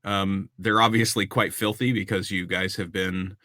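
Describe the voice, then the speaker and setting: A man's voice: low-pitched, steady tone, normal speed, sharp tone, dry recording, clean studio sound. A man narrating a tabletop game as game master, describing scenes with frequent ums and restarts.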